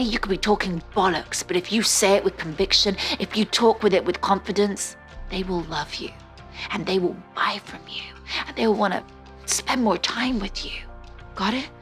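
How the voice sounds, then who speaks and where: A woman giving public-speaking tips straight to camera, emphatic and coaching, swinging from soft near-whispers to loud upbeat bursts. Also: fairly high pitch. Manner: emphatic, coaching, addresses viewer directly. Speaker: motivational speaker. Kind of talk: direct-to-camera coaching talk.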